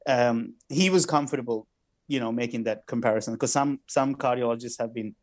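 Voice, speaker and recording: A man's voice: medium pitch, a little fast. A man, a comedian chatting casually and telling anecdotes with lots of quoted voices. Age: 30s. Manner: animated storytelling with quoted voices. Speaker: podcast co-host, comedian. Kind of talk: casual chat.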